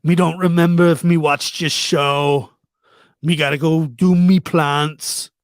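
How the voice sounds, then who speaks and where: A man's voice: fairly high pitch, fairly even intonation, slow pace, no room sound, studio quality. A man putting on a mock Jamaican accent for a sleepy, laid-back character who says "me" instead of "I". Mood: drowsy. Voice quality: broken grammar with "me" in place of "I".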